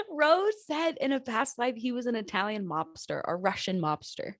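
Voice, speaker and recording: A woman hosting a podcast in casual chat. She talks in an animated way, swears freely and laughs often. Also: fairly high pitch, a little slow, no echo, studio quality. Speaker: podcast host.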